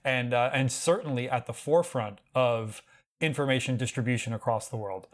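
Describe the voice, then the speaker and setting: An American man co-hosts a casual tech podcast at an ordinary mid pitch. He tells his stories with animated energy and often restarts his sentences as he goes. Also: normal speed. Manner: animated storytelling with frequent restarts. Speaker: podcast co-host.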